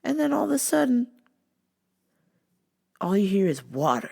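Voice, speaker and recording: A woman's voice: mid-range voice, big pitch swings, moderate pace, vocal fry, warm tone, husky. A woman hosting a casual vlog, telling exasperated stories full of profanity. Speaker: vlog host and store worker.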